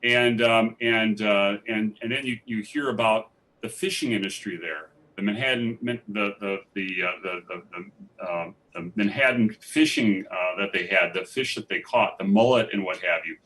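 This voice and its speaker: A man's voice: on the low side, moderate pace, fairly bright tone. A man, a documentary filmmaker, telling stories in a live festival interview with eager, rambling enthusiasm and frequent restarts. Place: theatre stage. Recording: distant mic in a theatre.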